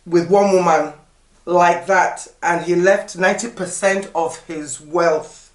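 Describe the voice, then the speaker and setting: A woman, a podcast guest telling stories in lively, emphatic casual chat. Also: deep voice, distant mic. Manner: animated, lively storytelling with emphatic repetition. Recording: echoey room.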